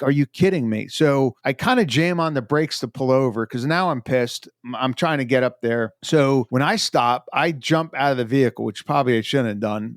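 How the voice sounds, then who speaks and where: A retired FBI agent in an interview, telling a story in a casual, animated way and acting out the things he said. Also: medium pitch, dry recording, clean studio sound. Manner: animated, acts out his own quoted lines.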